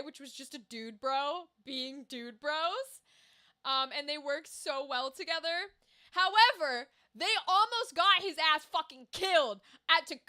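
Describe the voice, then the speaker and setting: A woman streamer chatting casually with her viewers, animated and profane, quick to exclaim. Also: high-pitched. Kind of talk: casual livestream chat.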